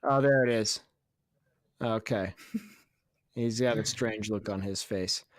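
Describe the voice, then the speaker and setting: A man's voice: on the low side, slow pace, no echo. A man co-hosting a casual sports podcast, jokey and laughing often, with some swearing. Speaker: podcast co-host.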